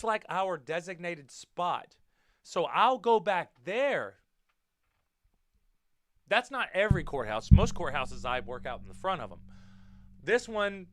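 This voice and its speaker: A man hosting his own podcast, telling a story in a casual, animated way, swearing freely and talking straight to his listeners. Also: high voice. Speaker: podcast host.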